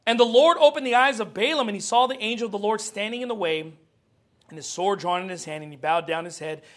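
A male pastor with a very high voice preaches with animated, joking energy. He acts out Bible scenes as he goes. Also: brisk. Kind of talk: sermon.

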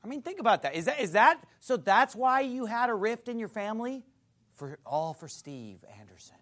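A man's voice: sits high, big pitch swings, normal speed, fairly bright tone. A male pastor preaching a sermon in a church, blunt and mocking.

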